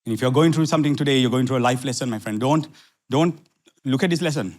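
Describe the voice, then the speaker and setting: A middle-aged pastor from Sri Lanka preaches quickly in a darkish tone. He repeats phrases and moves from hushed asides to fiery questions.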